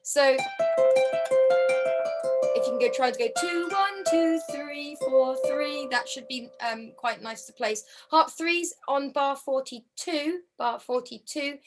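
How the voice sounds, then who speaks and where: Over a video call, a woman with a high voice and slow pace leads a harp ensemble in an online music lesson. Friendly and encouraging, she counts beats aloud and hums the parts, with harp music playing beneath her voice.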